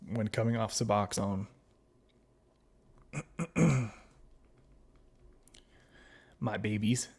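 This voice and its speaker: Casting note: easygoing man, mid-pitched, hosts a livestream, reads chat, laughs a lot. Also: darkish tone. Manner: laughs often, reads chat aloud and replies; friendly, calls viewers babies and buddy. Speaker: livestream host. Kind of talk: casual livestream chat reading comments.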